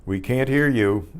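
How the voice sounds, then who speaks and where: A man teaching a beginners' Spanish lesson, saying each word slowly several times and spelling it out, and clearing his throat now and then. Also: medium pitch, darkish tone. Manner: slow, repeats each word many times.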